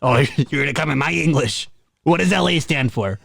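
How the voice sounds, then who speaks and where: A man's voice: fairly high pitch, animated, fairly quick, gravelly, a bit bright, dry recording, clean studio sound. A man from San Diego co-hosting a podcast, bantering playfully in casual joking chat. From San Diego, United States. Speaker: podcast co-host.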